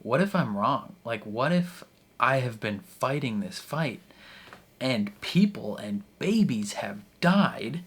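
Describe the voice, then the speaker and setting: A man's voice: mid-range voice, sing-song, slow, fairly bright tone, breathy edge. A man hosting a reaction video, talking through an episode in a rambling, casual way, full of "like" and restarts and laughing often as he goes. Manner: rambling, filler-heavy with frequent "like" and restarts.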